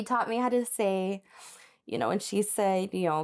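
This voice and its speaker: A woman's voice: medium pitch, normal speed, vocal fry, darkish tone. A young woman hosting a crafting video, chatting casually while she hand embroiders, telling a rambling story with frequent laughs and asides to her viewers. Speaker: host of a crafting channel. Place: home craft space.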